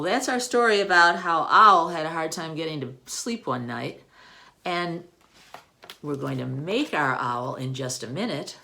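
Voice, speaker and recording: Slow, gentle children's librarian woman. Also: sits low. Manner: gentle, often checks in with "okay?". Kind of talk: children's story time and craft lesson.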